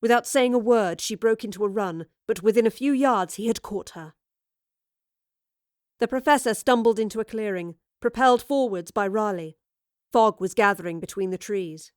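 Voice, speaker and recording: A woman's voice: mid-range voice, clean tone, dry recording, studio quality. Woman narrating an audio serial. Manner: measured, vivid storytelling. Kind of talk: scripted narration of a serial story.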